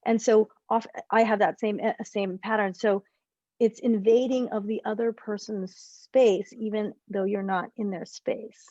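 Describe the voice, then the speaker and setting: A woman with a mid-range voice, speaking a little slowly, coaches a group on relationships over a video call. She rambles animatedly, self-corrects, and often restarts sentences. The recording is dry and lo-fi.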